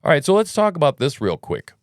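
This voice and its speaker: A man's voice: on the high side, wildly swooping pitch, fast, no room sound, studio quality. A man hosting a news commentary podcast, talking casually in a rambling, sarcastic way. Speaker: podcast host.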